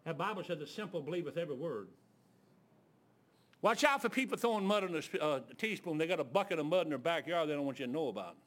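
A preacher tells stories from the pulpit in a voice a little higher than most men's. He talks in a folksy, animated way, with plenty of fillers and restarts, and he acts out the other characters as he goes. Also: quick pace. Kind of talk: storytelling sermon.

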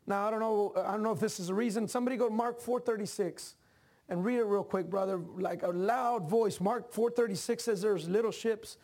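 Brief: male pastor, very high voice, lively sermon delivery with shouted peaks and chatty asides. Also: brisk. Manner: animated preaching that climbs to shouts; conversational asides to the congregation.

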